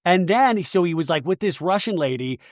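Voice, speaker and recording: Dude rambling about reality tv, says like a lot, kinda high voice, dead dry mic. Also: male voice, normal speed, dry recording. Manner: rambling, animated retelling with lots of "like". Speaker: podcast host. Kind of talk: casual chat about reality TV.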